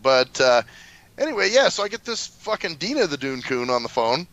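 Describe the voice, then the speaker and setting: A man's voice: on the high side, moderate pace, no echo, muffled recording. A man co-hosting a casual talk show, telling profane stories. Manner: storytelling, profane, animated. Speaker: radio show co-host. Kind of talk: casual chat.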